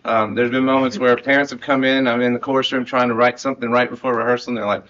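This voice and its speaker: A man's voice: medium pitch, flat delivery, fast talker, fairly bright tone. Earnest man, dull lo-fi recording. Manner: rambling and earnest, with frequent laughs and restarts. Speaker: marching band director. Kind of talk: heartfelt end-of-season speech to students.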